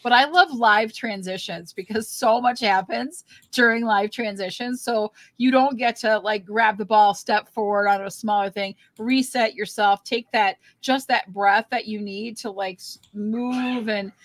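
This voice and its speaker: A woman's voice: mid-range voice, measured pace, hardly any pauses, dry recording. A woman co-hosting a recap podcast in casual chat, enthusiastic and often restarting her sentences. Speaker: podcast co-host.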